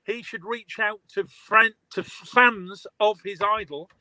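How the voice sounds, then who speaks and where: A man talking as a guest in a casual conversation, his voice fairly high and very bright. He speaks emphatically and with enthusiasm, often repeating words as he builds a point. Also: steady tone, slow pace, dry recording, rough recording. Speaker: guest, author and artist. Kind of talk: casual chat.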